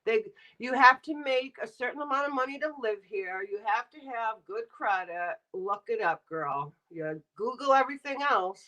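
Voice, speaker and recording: A woman's voice: on the high side, lively intonation, moderate pace, hardly any pauses, pushed and bright, low-quality recording. A middle-aged woman streaming live, ranting bluntly and sarcastically while talking to her chat. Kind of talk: casual livestream rant.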